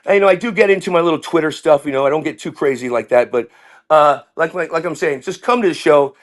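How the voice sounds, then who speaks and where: A middle-aged man, a comedian, telling rambling stories in an animated way and dropping into voices. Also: fairly high pitch, quick pace. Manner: rambling, jumps into impressions and character voices. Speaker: comedian guest.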